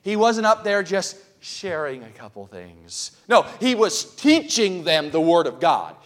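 A pastor preaching to his congregation in a notably high male voice. He builds his sermon into loud, impassioned cries and stops to check that his listeners are keeping up. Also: very animated, a little slow. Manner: asks the congregation questions. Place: church.

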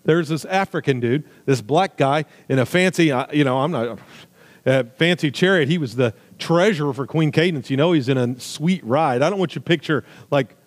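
A man preaching a sermon with emphatic, swinging delivery, loud high stresses falling to quiet low asides, with jokey remarks. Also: moderate pace. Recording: long hall reverb.

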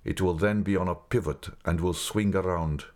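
A man voicing a grave, secretive older male guide who speaks slowly and mournfully. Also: sits low, a little mellow, lightly acted. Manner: slow, measured, mournful.

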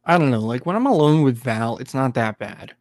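A man's voice: medium pitch, animated, brisk, a little mellow, dry recording, clean studio sound. A man in a casual podcast chat, talking bluntly with cocky cursing.

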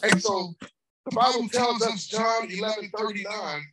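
A woman preacher giving an impassioned outdoor sermon in a park, shouting her emphatic lines and calling out to the crowd. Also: medium pitch, normal speed, far from the mic, rough recording.

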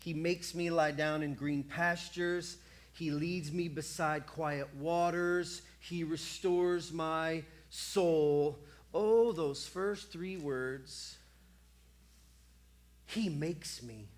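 A man preaching a sermon who swings between loud bursts and hushed lines, repeating phrases and acting out little exchanges. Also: fairly high pitch, steady tone, drawn-out words. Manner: acts out little dialogues and repeats phrases for effect.

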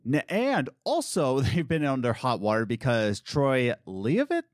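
Animated man hosting a casual chat. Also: medium pitch, unhurried, dry recording, clean studio sound. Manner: animated, jokey, wordy with restarts. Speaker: podcast host.

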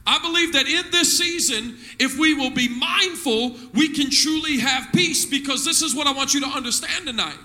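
High, bright-voiced preacher man. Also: moderate pace, hardly any pauses. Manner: call-and-response preaching, rising to shouts. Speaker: pastor. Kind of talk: sermon. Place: church.

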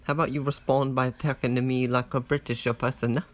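A man's voice: medium pitch, little pitch movement, fairly quick, noisy background. A man in a casual chat with his partner, playful and teasing, laughing often. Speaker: partner in a couple's game session.

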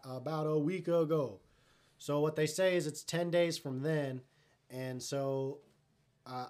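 A man's voice: on the high side, a little mellow. A man hosting a live stream in casual chat, talking in a loose, rambling, profane way.

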